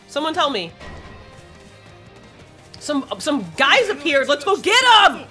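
A woman giving excitable let's play commentary, swearing a lot and shrieking when panicked. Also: sits high. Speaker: gaming streamer.

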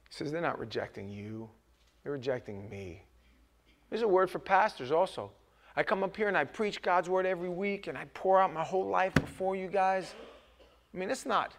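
A man's voice: high voice, normal speed, long pauses, slight background noise. A man preaching an informal, joking sermon as pastor in a church, often restarting his sentences. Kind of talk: conversational sermon. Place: church sanctuary.

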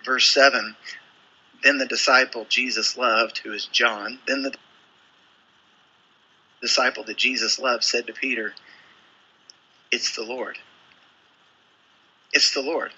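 Male preacher, very bright and breathy tone, storytelling delivery with acted-out quotes. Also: medium pitch, fairly even intonation, slow, pauses often, highs cut off. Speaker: pastor. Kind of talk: sermon.

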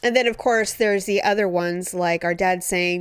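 A woman in her forties co-hosting a podcast, telling family stories in a lively way and putting on her parents' voices with frequent laughs. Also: normal speed, clear, resonant tone, no echo, studio quality. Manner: animated storyteller, mimics parents in high voices, laughs often. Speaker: podcast co-host. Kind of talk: casual chat.

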